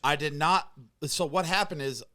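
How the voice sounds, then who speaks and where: A man's voice: on the high side, normal speed, sharp tone. A young man in a casual podcast chat, explaining himself defensively. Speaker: podcast guest.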